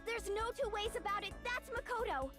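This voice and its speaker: A woman's voice: very high-pitched, normal speed, voice pushed up. A woman streamer voicing a startled young game character over music. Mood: surprised. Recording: music in the background.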